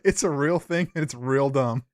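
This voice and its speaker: A man's voice: mid-range voice, normal speed, a little mellow, dry recording, clean studio sound. A young man co-hosting a talk radio show, explaining things casually with lots of "like" and laughing easily. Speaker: radio co-host.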